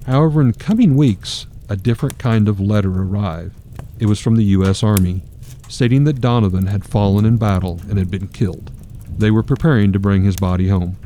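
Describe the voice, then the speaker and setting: A man narrating a dark story in a measured, grave manner. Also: lowish voice, slight background noise.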